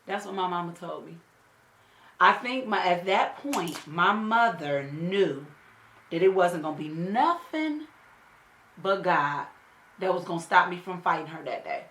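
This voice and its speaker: A woman's voice: on the low side, animated, a little slow, a bit bright, slight background noise. A woman in her thirties telling a story while doing her makeup. She talks bluntly, swears, and drives home her points with repeated "okay?". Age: 30s. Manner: emphatic storyteller, tags lines with "okay?"; blunt, salty slang and swearing. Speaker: beauty vlogger. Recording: roomy echo.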